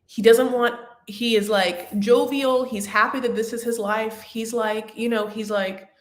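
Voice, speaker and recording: A woman's voice: on the high side, steady tone, measured pace, echoey room. A woman hosting a reality TV recap livestream, talking casually in a rambling, chatty way full of fillers and restarts. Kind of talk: casual chat.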